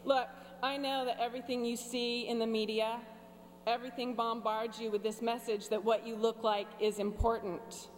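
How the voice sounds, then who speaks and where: A woman in her forties stands at a podium giving a commencement address, her voice pitched a little high. She talks with wry, deadpan humor and sarcastic asides. The sound carries a long reverb from a big ceremony space, with a faint hum beneath it. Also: normal speed. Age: 40s. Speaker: commencement speaker. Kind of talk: commencement speech. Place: large graduation ceremony venue.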